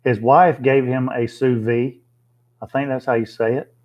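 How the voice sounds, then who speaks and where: A man's voice: medium pitch, fairly even intonation, fairly quick, darkish tone. Folksy man on a livestream. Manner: folksy, plainspoken, thinks aloud with fillers. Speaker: livestream host. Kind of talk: casual live chat reading viewer comments.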